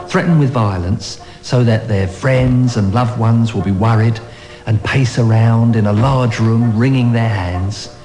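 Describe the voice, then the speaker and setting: An actor playing a cheerful asylum doctor who speaks in a breezy, matter-of-fact way. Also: male voice, on the low side, roomy sound, lightly acted.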